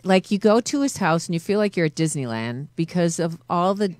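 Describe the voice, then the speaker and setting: A woman's voice: fairly low pitch, lively intonation, a little fast, darkish tone, dry recording, studio quality. Eager woman host asking follow-ups. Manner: encouraging, asks eager follow-up questions. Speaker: talk show host. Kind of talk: casual interview chat.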